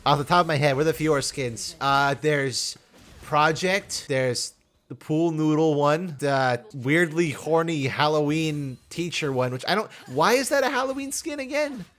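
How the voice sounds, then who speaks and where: A young man rambling through casual game commentary with lots of halting restarts. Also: fairly high pitch, lively intonation, a bit bright. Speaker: gaming video host.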